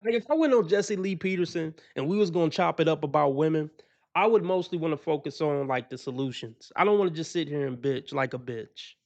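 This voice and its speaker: A man's voice: fairly high pitch, brisk, gravelly, a little mellow, lo-fi sound. A man, hosting a casual commentary stream. He talks emphatically and profanely, and laughs at the lines he quotes mockingly. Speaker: channel host.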